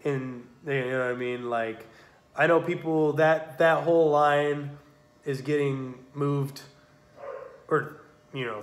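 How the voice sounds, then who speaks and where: Recorded in an echoey room, a young male podcast co-host keeps the chat casual, cursing and wandering off track while leaning on fillers such as "you know what I mean". He speaks at a medium pitch with a fairly bright tone.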